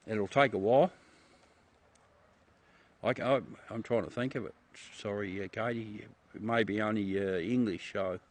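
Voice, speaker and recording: A middle-aged Australian man with a fairly low, unhurried voice hosts a livestream outdoors at night. He rambles casually to his viewers, laid-back, chuckling and swearing freely.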